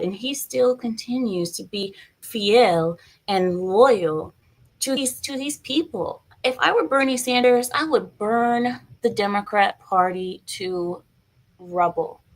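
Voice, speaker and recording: Woman ranting on her stream, chatty, opinionated, talks right to her viewers. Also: medium pitch. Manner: chatty, opinionated, reads viewer comments aloud. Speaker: political commentary streamer. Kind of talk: casual live-stream commentary.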